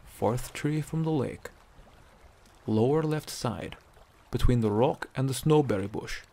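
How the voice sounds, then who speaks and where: A man voicing an older male Nord ex-legionnaire who boasts and teases, gruff and matter-of-fact. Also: mid-range voice, unhurried, dark tone.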